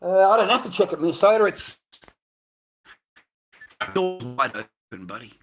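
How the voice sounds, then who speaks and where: A man's voice: high voice, very animated, moderate pace, fairly bright tone, soft background music. A man, talking straight to his viewers in a live stream. He rambles bluntly, swears constantly and laughs often as he goes along. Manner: blunt, heavily profane, rambling with frequent laughs.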